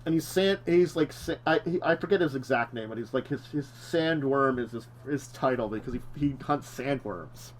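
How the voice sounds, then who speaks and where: A man's voice: medium pitch, moderate pace, hardly any pauses, slight background noise. A man co-hosting a casual talk show, rambling and correcting himself, laughing often. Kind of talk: casual chat.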